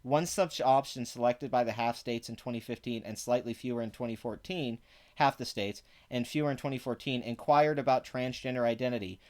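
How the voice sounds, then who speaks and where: A man's voice: mid-range voice, fairly even intonation, brisk. A man giving sarcastic, profane commentary, reading parts of an article aloud between exasperated rants. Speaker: online commentator.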